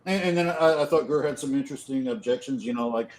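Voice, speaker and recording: A man giving closing thoughts as co-host of a podcast, measured and full of fillers. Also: mid-range voice, darkish tone, a little hiss or hum, rough recording.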